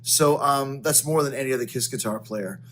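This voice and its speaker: A man's voice: mid-range voice, moderate pace, slight background noise. A man giving a casual video tribute, talking loosely with frequent ums and uhs. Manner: relaxed, many ums and uhs.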